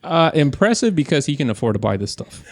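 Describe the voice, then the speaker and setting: A young man with a gravelly, fry-heavy voice tells a story on a casual podcast. He talks with a lot of energy, swears freely and acts out the people he quotes. The sound is dry and close. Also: fairly high pitch, sing-song, fairly quick, dry recording. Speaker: podcast co-host.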